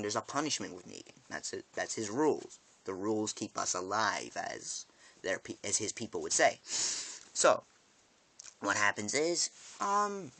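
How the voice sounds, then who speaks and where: A man's voice: lowish voice, bright, forceful tone. A man vlogging a casual, rambling episode recap, swearing freely and breaking off into asides and restarts. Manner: profane, quick restarts and asides.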